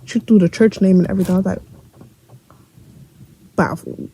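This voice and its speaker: A young woman from Brooklyn with a New York accent tells a casual storytime for her vlog, blunt and profane, playing out everyone's lines as she goes. Her voice is dark and gravelly, with a faint hiss of room noise behind her. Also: medium pitch, fairly even intonation, moderate pace, long pauses, poor audio. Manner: blunt, profane and joking, acts out the other people's lines. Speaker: vlogger telling a story.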